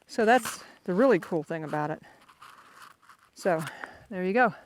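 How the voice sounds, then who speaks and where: An older man from Florida vlogs casually while hiking a foggy mountain trail, rambling and poking fun at himself. His voice is high-pitched and expressive, and he speaks at a measured pace. He's recorded outdoors on a handheld phone camera, with faint noise in the background.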